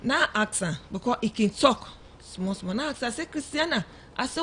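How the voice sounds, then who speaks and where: A woman's voice: fairly high pitch, a little fast, slight background noise. A woman with a Sierra Leonean Krio accent, a mother telling her story as a guest on a radio program and acting out what others said. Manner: animated storytelling, acts out quoted dialogue. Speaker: mother of a young girl, guest. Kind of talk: emotional first-person account on radio. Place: radio studio.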